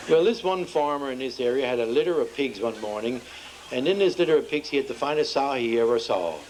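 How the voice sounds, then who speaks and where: A man's voice: a little hiss or hum, low-quality recording. A man telling folksy jokes to a festival audience, acting out the characters' lines as he goes. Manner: homespun storyteller, acts out dialogue with shifting pitch. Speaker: joke teller. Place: outdoor festival.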